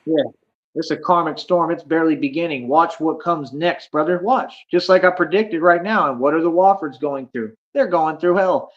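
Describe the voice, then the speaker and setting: Man ranting at his chat on a stream, brags a lot, lots of slang, kinda high voice. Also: normal speed. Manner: boastful, confrontational, slangy. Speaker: livestreamer. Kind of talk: livestream rant at chat. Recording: dull lo-fi stream audio.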